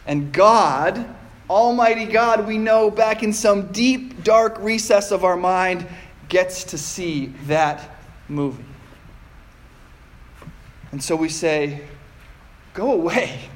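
Preaching from the pulpit, this pastor speaks in a high voice, taking his time and choosing each word carefully. He often turns rhetorical questions toward the congregation.

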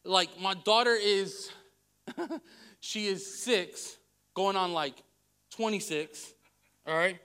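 A male pastor preaching a sermon, candid and self-deprecating, who tells stories with animated swings in his voice and laughs at himself. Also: sits high, takes it slowly, long pauses, clear, resonant tone. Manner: storytelling with animated vocal swings.

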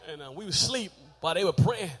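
High-pitched shouting Texan preacher. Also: male voice, expressive, fast, breathy edge, a faint crowd. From Texas. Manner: call-and-response preaching, builds to shouting. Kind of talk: sermon. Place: church sanctuary.

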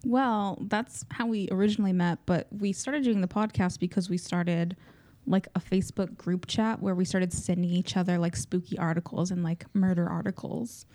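A woman's voice: lowish voice, fairly even intonation, normal speed, dark tone. A woman co-hosting a casual podcast, laid-back and upbeat in chat. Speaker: podcast co-host.

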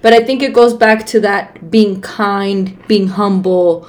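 A woman's voice: mid-range voice, steady tone, slow pace. Frank, profane woman podcast co-host. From Mexico heritage, raised in the United States. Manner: frank and profane, emphatic, laughs easily. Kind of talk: casual podcast chat.

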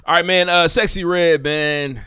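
A man's voice: a little high, fairly even intonation, unhurried, sharp tone, clear, resonant tone, no echo. Laid-back male podcast host, dry sound. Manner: laid-back, runs the topic rundown. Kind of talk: casual group podcast chat.

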